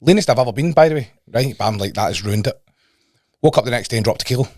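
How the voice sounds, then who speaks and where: A man's voice: medium pitch, expressive, very fast, a little mellow, no room sound, clean studio sound. A Scottish man co-hosting a casual fitness podcast, telling rambling stories, swearing and repeating himself. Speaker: fitness coach and podcast co-host. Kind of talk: casual chat.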